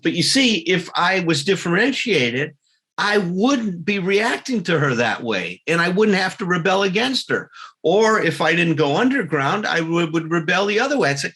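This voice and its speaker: A man's voice: high voice, big pitch swings, moderate pace, sharp tone, breathy edge. Earnest man giving a recovery talk. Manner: earnest, acts out quarrels in quoted voices. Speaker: recovery group speaker.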